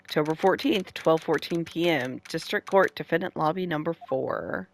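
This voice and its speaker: A woman's voice: low-pitched, normal speed, few pauses, soft background music. A young woman reading every character's lines of a courtroom game aloud, stopping to laugh and react. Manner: reads all characters aloud, breaks off to laugh and comment. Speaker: let's play streamer reading a game aloud.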